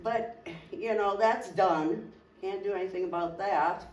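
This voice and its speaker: A woman's voice: medium pitch, measured pace, darkish tone. A woman in her late sixties, a local resident rambling frankly and plainly at a community meeting. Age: 60s. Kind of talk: unscripted public comment. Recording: roomy hall, distant mic, faint noise.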